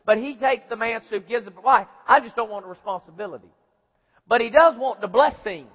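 A man's voice: extremely high pitch, a little fast. A man preaching a sermon in a folksy storytelling way, acting out little scenes and voices. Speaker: pastor. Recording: echoey hall, dull lo-fi sound.

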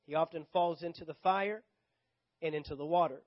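A high-pitched man with a Southern US accent delivers a sermon, hammering home repeated phrases and voicing the scripture's speakers as he reads. The recording is dull and muffled, like a church sound system captured on modest equipment. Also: fairly quick. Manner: emphatic, repeats key phrases, acts out scripture dialogue. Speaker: pastor. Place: church sanctuary.

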